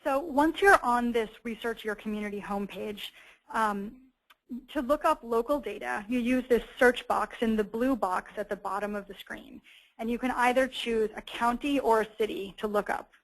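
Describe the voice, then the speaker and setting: A woman's voice: a little high, normal speed, low-quality recording. A young adult woman presenting a webinar and walking listeners through a website, explaining in a friendly way with frequent fillers. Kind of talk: presenting a webinar with a screen walkthrough.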